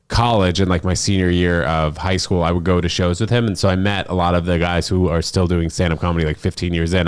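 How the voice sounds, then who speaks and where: Deep-voiced young man, rambling casually. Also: clear, resonant tone. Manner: rambling, filler-heavy storytelling with voiced-up quotes. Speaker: podcast host. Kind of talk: casual podcast chat.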